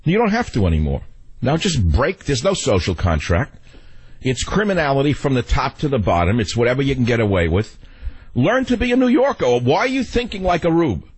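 Talk radio host, man, husky voice, sarcastic rant with big pitch swings. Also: very animated, a little fast, rough recording.

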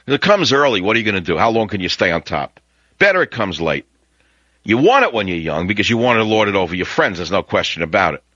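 A deep-voiced man with a New York accent rants through an opinionated talk radio monologue, mocking and sarcastic, his voice leaping upward when he wants to make a point. The sound is dry and close, with a dull, lo-fi broadcast quality. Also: very animated, fast talker, bright, forceful tone, dry recording. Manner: ranting, sarcastic, pitch jumps high for emphasis.

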